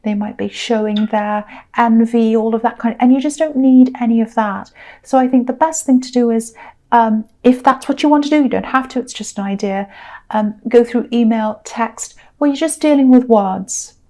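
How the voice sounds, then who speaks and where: A woman with a fairly high, mellow and warm voice talks through a tarot spread. Her delivery is chatty and meandering, circling back to reassure the listener. She sounds middle-aged and unhurried. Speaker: tarot reader. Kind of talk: casual tarot reading monologue.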